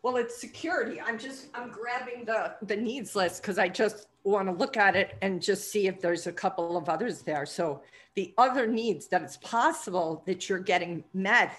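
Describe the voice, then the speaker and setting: A woman's voice: mid-range voice, moderate pace, fairly bright tone. A woman acting as a trading coach who asks encouraging, probing questions. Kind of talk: coaching conversation.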